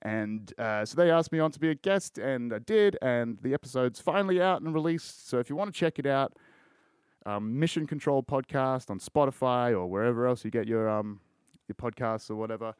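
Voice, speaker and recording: A man's voice: mid-range voice, normal speed, clean tone, no echo, clean studio sound. An Australian man hosting a solo podcast, rambling in casual chat with lots of swearing and crude jokes. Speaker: podcast host.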